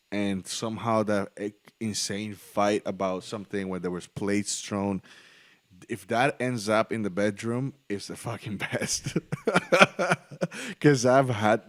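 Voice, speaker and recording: A man's voice: fairly low pitch, no room sound. A man hosting a podcast in casual chat, talking bluntly and swearing freely. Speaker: podcast host.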